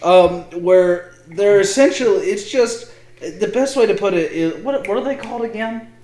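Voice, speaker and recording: A man's voice: sits high, moderate pace, darkish tone. A young man co-hosting a podcast in casual chat, teasing and laughing often. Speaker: podcast co-host. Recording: echoey room.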